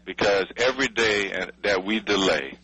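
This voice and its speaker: A man's voice: lowish voice, normal speed, bright, forceful tone, slightly rough, no room sound, rough recording. A man, angry and blunt in a radio interview, swearing and pleading for help. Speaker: city official interviewed by radio. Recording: radio broadcast audio.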